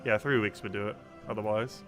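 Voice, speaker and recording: A man's voice: lowish voice, steady tone, fairly quick, a bit bright, faint music behind. A young man streaming a game, chatting casually and rambling with many ums while he plays and answers chat. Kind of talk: casual live-stream commentary while playing.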